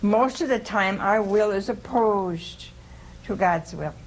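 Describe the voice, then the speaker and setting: A woman giving an informal scripture teaching to a small group, conversational and humorous, often pausing to ask her listeners "See?". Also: mid-range voice, slight background noise, poor audio. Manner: conversational, keeps asking "See?" and questioning listeners; homespun humor, laughs at her own jokes. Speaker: religious teacher.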